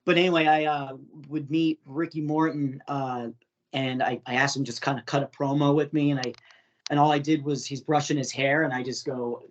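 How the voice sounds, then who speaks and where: A man's voice: medium pitch, little pitch movement, moderate pace, muffled recording, a little hiss or hum. A man hosting a podcast in casual chat, laughing often and swearing freely with many fillers. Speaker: podcast host.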